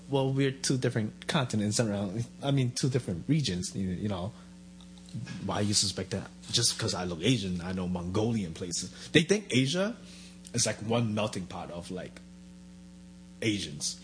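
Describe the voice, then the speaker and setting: A man's voice: medium pitch, a little hiss or hum. A man chatting casually, acting out voices as he tells stories. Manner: animated storyteller acting out quotes. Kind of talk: casual chat.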